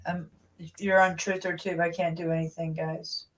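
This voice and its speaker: A woman's voice: on the low side, level tone, moderate pace, recorded from a distance. A woman hosting a livestream in casual chat, rambling and cutting herself off mid-sentence. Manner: rambling, self-interrupting. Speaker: livestream host. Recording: voice a bit off-mic.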